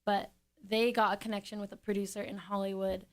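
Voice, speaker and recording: A woman's voice: medium pitch, level tone, brisk. A woman in her twenties, a singer, telling her story in a casual interview, chatty and giggly with lots of fillers. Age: 20s.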